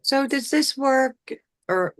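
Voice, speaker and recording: A woman's voice: high-pitched, lively intonation, slow. A woman hosting an interview, chatting and jumping in with questions. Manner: chatty, interjects, reads astrology charts. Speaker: host. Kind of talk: casual interview chat.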